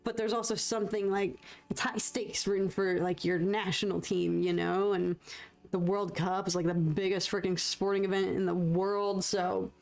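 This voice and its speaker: A woman's voice: lowish voice, creaky, darkish tone. A young woman, chatting casually with her viewers as she paints on a livestream, laughing often and thanking people in chat. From United States. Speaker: livestreaming artist.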